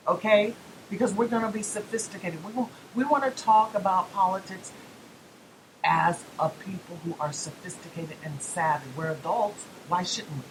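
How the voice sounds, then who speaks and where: A woman's voice: medium pitch, normal speed, background noise. A woman hosting a political talk radio show, speaking emphatically with rhetorical questions and folksy asides.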